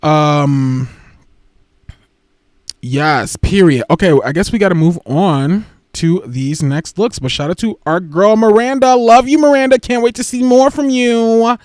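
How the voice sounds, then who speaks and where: A man's voice: high-pitched, measured pace, a little mellow, dry recording, studio quality. A man hosting a casual livestream, chatty and sassy, gushing and jumping from one topic to the next. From United States. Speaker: livestream host.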